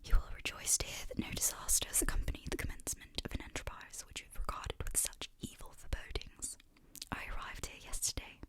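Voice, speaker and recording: Brief: earnest young male polar explorer , read by a woman in a rough British accent; whispered role-play, faltering, repeats lines. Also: lightly acted, low-quality recording. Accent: attempted British. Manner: halting, rereads and corrects lines.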